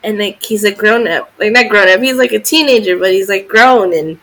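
A woman's voice: medium pitch, a little fast, sharp tone. A woman in her forties, co-hosting a podcast in casual chat, talking in a chatty, sympathetic way with many fillers. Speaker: podcast co-host.

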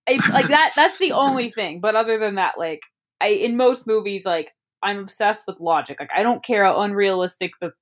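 A woman's voice: medium pitch, moderate pace. A woman in casual chat as a podcast co-host, rambling and giggly with many restarts.

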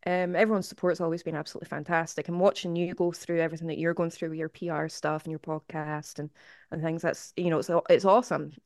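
A woman appearing as a guest on a podcast, relaxed and quick to joke. Her voice sits a little low for a woman. It is recorded close and dry, with no room sound. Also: no room sound. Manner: laid-back, jokey. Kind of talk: casual podcast chat.

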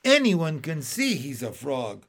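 A man's voice: fairly high pitch, huge pitch swings, takes it slowly, heavily acted. A man reading a storybook aloud and voicing a rude, blunt, hostile big toad.

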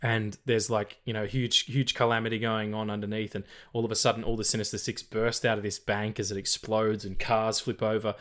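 A man hosting a casual film podcast, relaxed, swearing now and then and reading out trivia. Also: on the low side, fairly quick, hardly any pauses. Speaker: podcast host.

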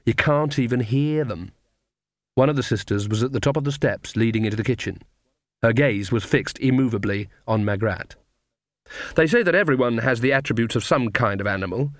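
A man narrates an audiobook from a script in a measured, even storytelling manner. His voice is mid-range, and the clean studio sound has no room sound.

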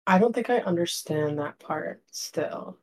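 A woman's voice: on the low side, animated, a little slow, a loud crowd. Giggly, wry young woman podcaster. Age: 20s. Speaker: podcast co-host. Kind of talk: casual chat.

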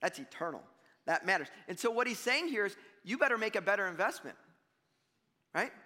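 High, bright-voiced pastor preaching in a hall. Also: male voice, fairly quick. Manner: conversational, animated, acts out mock voices. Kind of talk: sermon. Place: church sanctuary. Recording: long reverb of a church hall.

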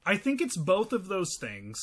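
A man's voice: sits high, huge pitch swings, unhurried. A man co-hosting a podcast in casual chat, sarcastic and laughing often. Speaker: podcast co-host.

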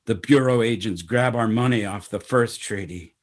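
A man's voice: on the low side, normal speed, hardly any pauses. A man narrating a spoken-word story in terse, poetic fragments.

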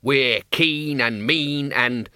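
A man plays a pompous old male wizard dean in an audiobook, sniffy and quick to brag. The voice is bright. The recording is dry. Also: medium pitch, animated, no echo.

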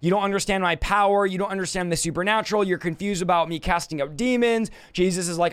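A man with a high, clean, smooth voice leads a casual Bible study sermon. He reads scripture slowly, then pushes his points with emphatic rises. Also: a bit bright, no room sound. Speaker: Bible teacher.

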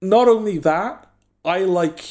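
A man's voice: high-pitched, slow pace, a little mellow. A man co-hosting a podcast, casually reviewing a film in a sardonic way and laughing often. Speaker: podcast co-host.

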